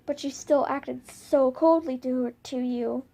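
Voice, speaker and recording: Male warrior cat, cold, scheming, voiced by a woman, high mellow voice. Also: fairly even intonation, unhurried, creaky, exaggerated voice. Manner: plainly retold dialogue.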